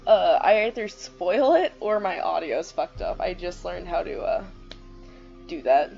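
A young woman gamer gives slow, unhurried commentary in a lowish voice, reading the game text aloud as she goes. Her tone is offhand. The recording is slightly muffled, with faint game music underneath. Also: lively intonation, vocal fry, a little mellow. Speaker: let's play gamer.

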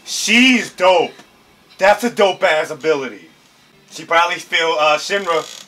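A young man hosting an anime reaction, chatting casually in slang and breaking into excited shouts. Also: a little high, moderate pace.

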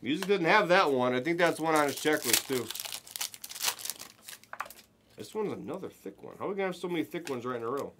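A man hosting a live card break, giving excited running commentary as he opens packs and chats with viewers. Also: fairly high pitch, quick pace, background noise.

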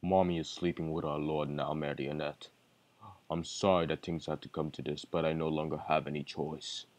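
A man putting on a deep solemn ritual leader. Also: little pitch movement, a little mellow. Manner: slow, solemn and menacing. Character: deep-voiced stern man leading a grim ritual. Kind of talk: let's play voice acting.

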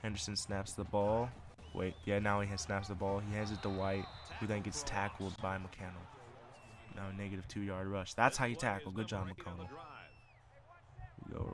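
A man commentating his own football video game, calling plays like a sportscaster. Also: fairly low pitch. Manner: excitable, calls plays like a sportscaster. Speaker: gamer commentating his play. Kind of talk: casual play-by-play commentary.

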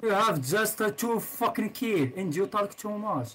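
A woman's voice: medium pitch, lively intonation, normal speed, fairly bright tone, a little hiss or hum, poor audio. A woman player in in-game voice chat, mocking and sarcastic, telling a teammate to shut up.

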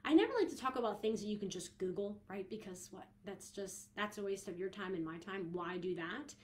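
A woman's voice: medium pitch, animated, brisk. A young woman hosting a podcast, talking casually and chattily with frequent giggles, fillers and restarts. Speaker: podcast host and coach.

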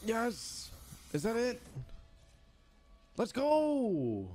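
A young man doing excitable let's-play commentary, yelling at the game and swearing casually between stretches of voice-over. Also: very high-pitched, very slow, a little hiss or hum. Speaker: gaming YouTuber.

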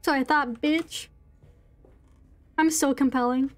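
A woman's voice: sits high, fairly even intonation, slow, faint music behind. A young woman streamer giving live gaming commentary, giggly and reactive, swearing and exclaiming often.

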